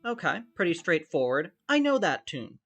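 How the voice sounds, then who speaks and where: Guy teaching a music theory lesson, thinking out loud and humming rhythms on da da da. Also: a little high, very animated, normal speed. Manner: thinks aloud, sings rhythms on syllables.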